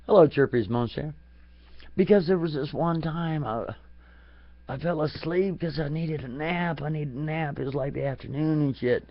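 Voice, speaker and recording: A man's voice: a little high, moderate pace, no echo. A man ranting crudely and comically, often breaking into laughter at his own jokes. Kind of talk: profane comedic rant to a stream. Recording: dull lo-fi home recording.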